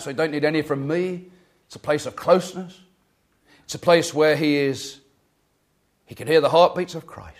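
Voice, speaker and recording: A man preaching an earnest sermon, repeating phrases and restarting, swelling louder then dropping low.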